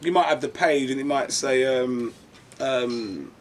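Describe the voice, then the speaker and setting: A man's voice: mid-range voice, measured pace, slight background noise. A man, an actor chatting casually and telling rambling stories with restarts. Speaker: actor and guest. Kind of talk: casual conversation, storytelling.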